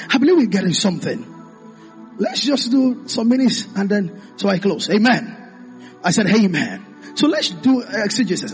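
A man preaches a sermon in a very high, lively voice. He calls out to his congregation for answers and climbs into impassioned shouts. Faint music plays underneath. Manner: call-and-response, rising to impassioned shouts.

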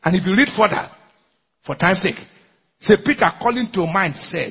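A man's voice: high-pitched, expressive, normal speed, a bit bright, slightly rough. A man, preaching a sermon as pastor, asking the congregation questions and laughing often. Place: large church hall. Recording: muffled recording in a large echoing church hall.

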